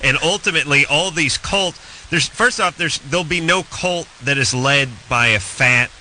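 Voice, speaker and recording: A man's voice: fairly high pitch, moderate pace, sharp tone, slight background noise, poor audio. A man hosting a radio talk show in casual chat, blunt and crude, rambling through his points.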